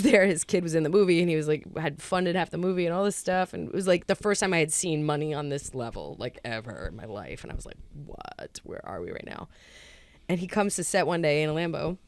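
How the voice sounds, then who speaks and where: A woman's voice: fairly low pitch, no room sound. A woman in her forties, a podcast guest, telling a story in casual chat and acting out the quotes as she goes.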